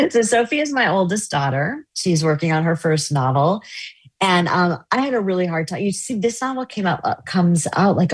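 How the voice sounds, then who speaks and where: A woman's voice: low-pitched, darkish tone, slightly rough, dry recording. A middle-aged woman novelist, chatting casually in an interview, telling stories animatedly with many fillers. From United States.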